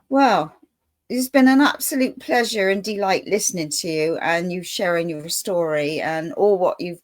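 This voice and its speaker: A woman interviewing a guest, listening with short affirmations and asking follow-up questions. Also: mid-range voice.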